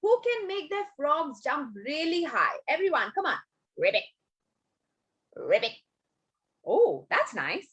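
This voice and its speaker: A high, bright woman's voice leads an online storytelling session for young children. She swoops up and down in pitch, takes her time, and keeps coaxing the little ones with questions. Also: very animated, a little slow, hardly any pauses. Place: home, on a video call. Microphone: video call.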